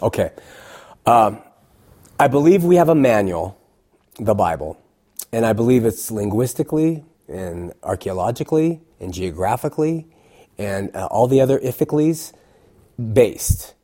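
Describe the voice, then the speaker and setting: A man's voice: on the low side, sing-song, normal speed, pauses often, warm tone. A middle-aged man who hosts a call-in show, talking bluntly and emphatically as an interview guest. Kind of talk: casual interview talk.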